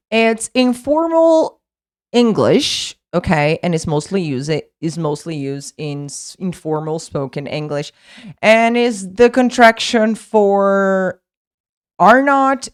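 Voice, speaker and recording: A woman explains English words. She talks slowly and patiently, spelling out letters and repeating each word. Her voice sits a little low for a woman. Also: clear, resonant tone. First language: Portuguese. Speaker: English teacher. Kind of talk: explaining vocabulary in a lesson.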